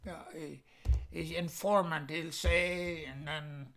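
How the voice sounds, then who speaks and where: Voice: medium pitch, steady tone, slow. A language teacher going through a vocabulary lesson, saying each word, repeating it and defining it with a string of English synonyms, in a plain, patient way. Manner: plain, patient explaining with soft asides and small laughs.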